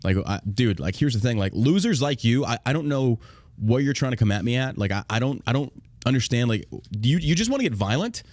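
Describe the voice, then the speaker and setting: A man's voice: mid-range voice, big pitch swings, brisk, a little mellow, no room sound, studio quality. An American man hosting a podcast, talking in a casual, profane and combative way, often laughing. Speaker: podcast host.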